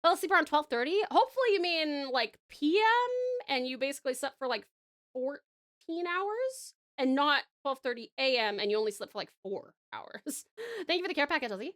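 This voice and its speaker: With big pitch swings in a high, fairly bright voice, she talks at a moderate pace. This Australian streamer and voice actor reads viewer messages in a relaxed chat, often laughing and leaving thoughts unfinished.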